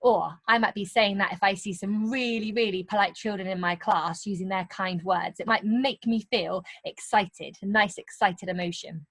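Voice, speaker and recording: A woman teaching young children in a recorded lesson, encouraging and sing-song, stretching key words out slowly. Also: mid-range voice, steady tone, a bit bright. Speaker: primary school teacher.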